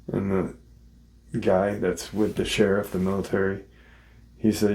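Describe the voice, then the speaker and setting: Man, low gravelly voice, slow unhurried pace, rambling casual storytelling, restarts sentences. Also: monotone, darkish tone. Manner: rambling, repeats himself, restarts sentences often. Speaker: paranormal channel host. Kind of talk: casual retold encounter story.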